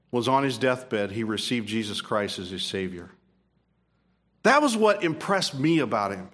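Male pastor, high voice, emphatic sermon delivery with questions to the congregation. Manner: emphatic preaching with rising peaks and quiet asides; repeats and restarts phrases, asks the room questions. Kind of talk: expository sermon.

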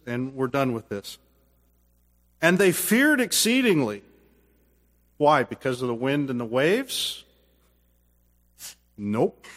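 A man preaches a sermon as pastor, earnest and swinging from loud bursts to hushed quiet before leading a closing prayer. His voice is on the high side, and he speaks in a large hall.

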